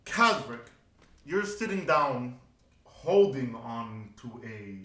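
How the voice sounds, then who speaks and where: A man narrating a tabletop game as game master, in an unhurried way with fillers. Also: medium pitch, sing-song, a bit bright, roomy sound.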